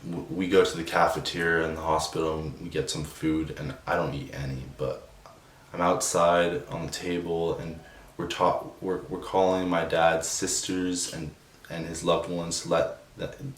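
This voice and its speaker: A young man with a low voice tells a personal story in a slow, subdued way, stopping and restarting often. He sits a little back from the mic in a roomy space, with a faint hiss behind him. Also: flat delivery. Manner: halting, full of restarts and "like" fillers; subdued and emotional. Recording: roomy echo, distant from the mic, faint noise.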